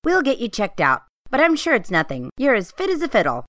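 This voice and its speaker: A woman playing a kind female nurse who speaks gently and reassuringly in a scripted lesson dialogue. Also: on the high side, wildly swooping pitch, a little fast, dry recording, clean studio sound.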